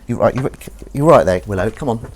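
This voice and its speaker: A man chats casually on a home live stream as he washes up, rambling to viewers and to his cat. His voice sits fairly low but swings wide and lively in pitch. Faint background noise runs under the recording. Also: a little fast. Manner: rambling, chatty, talks to viewers and his cat, sings little tunes. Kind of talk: casual live-stream chat while washing up. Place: home kitchen.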